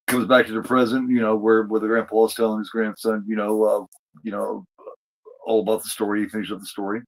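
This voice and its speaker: A man's voice: on the low side, level tone, quick pace, poor audio. Rambling man recapping an episode. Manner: rambling, many fillers and restarts. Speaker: podcast host. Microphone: streamed podcast mic.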